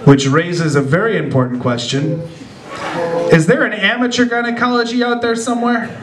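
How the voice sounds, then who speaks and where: A young man doing a stand-up comedy set, telling laid-back stories and slipping into quick character voices. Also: sits high, fairly even intonation. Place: small club with a live audience. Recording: echoey club room with crowd laughter.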